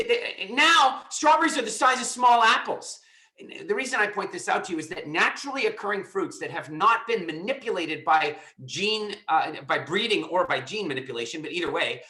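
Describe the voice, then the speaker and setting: A man's voice: high-pitched, bright, forceful tone, roomy sound. A man in his fifties leading a group call, talking in an emphatic, informal teaching way and often stammering over repeated words. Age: 50s. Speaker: coach hosting a group call.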